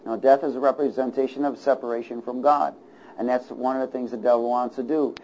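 Speaking fairly quickly with a medium pitch and fairly even intonation, a male pastor preaches to his congregation. He throws in call-and-response asides and chuckles between points, moving from hushed words to loud declarations. The audio is poor, with slight background noise.

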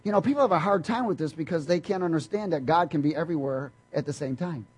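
Husky-voiced preacher quizzing his congregation. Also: fairly high pitch, fast, rough recording. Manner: emphatic, swings between loud and hushed. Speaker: pastor. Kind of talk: sermon.

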